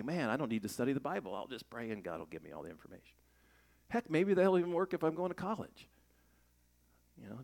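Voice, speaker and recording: A man's voice: medium pitch, gravelly. A middle-aged man preaching a sermon in a conversational way, asking rhetorical questions and raising his voice for emphasis. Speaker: pastor.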